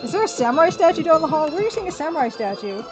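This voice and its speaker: A woman's voice: sits high, big pitch swings, racing. A woman hosting a casual live stream, chatting and rambling to her viewers and laughing often. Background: faint music from a record player.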